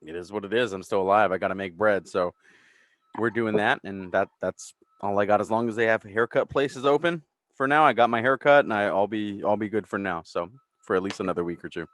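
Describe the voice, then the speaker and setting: An easygoing man in a casual chat among friends. His voice sits low and sounds dry and close, with no room around it. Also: brisk, fairly bright tone, dry recording. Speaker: co-host.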